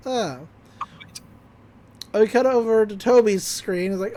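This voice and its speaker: A woman hosting a podcast, casually recapping a cartoon episode with quick bits of character voices. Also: mid-range voice. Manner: animated retelling with quick character voices and laughs. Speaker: podcast host.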